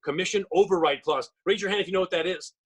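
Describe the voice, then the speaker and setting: A man's voice: breathy edge, rough recording. A middle-aged man, a real estate trainer, giving an emphatic, salesy webinar presentation over a video call. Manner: fast-talking, emphatic salesman pitch.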